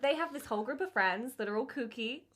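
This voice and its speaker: A young woman YouTuber chatting casually with a friend, bubbly and quick to laugh. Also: on the high side, expressive, a bit bright. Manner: bubbly and giggly. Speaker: YouTuber co-host. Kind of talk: casual chat.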